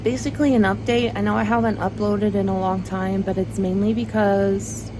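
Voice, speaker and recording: Indoors at home, a woman vents to her viewers through her phone, her mid-range voice moving at a moderate pace with little change in pitch. She rambles candidly, using many fillers and dry sarcasm, against a noisy background.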